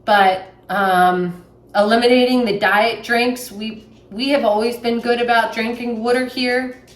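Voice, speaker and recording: A woman's voice: a little high, steady tone, measured pace. Southern lady vlogging while making lunch, lots of ums, mic kinda far off. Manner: chatty, plainspoken, with many fillers. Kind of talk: casual chat while making a sandwich. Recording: echoey room, mic at a distance.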